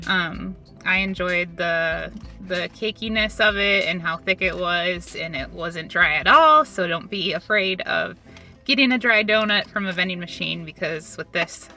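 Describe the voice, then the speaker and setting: A woman's voice: fairly low pitch, bright, forceful tone. A woman from Minnesota hosting a casual food review, chatty and upbeat, with frequent fillers.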